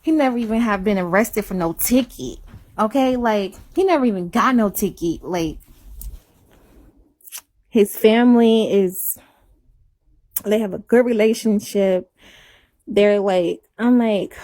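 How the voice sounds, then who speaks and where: A young woman, chatting casually on a live stream, rambling and repeating herself, dipping to a hush and then rising into giggly high exclamations. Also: measured pace, long pauses. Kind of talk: casual confessional chat. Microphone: phone.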